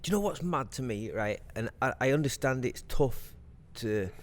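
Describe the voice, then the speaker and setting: A man co-hosting a podcast in casual conversation. He swears freely and pushes back on his partner with quick questions. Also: mid-range voice, expressive. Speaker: podcast co-host. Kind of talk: casual chat.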